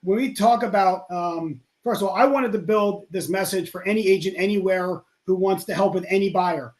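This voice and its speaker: A man appears as a guest on a studio podcast. His voice sits high for a man, and he talks with eager emphasis. He circles back and repeats his key points. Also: moderate pace, a little mellow. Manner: enthusiastic, emphatic, repeats himself. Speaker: guest, real estate expert. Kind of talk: casual podcast chat.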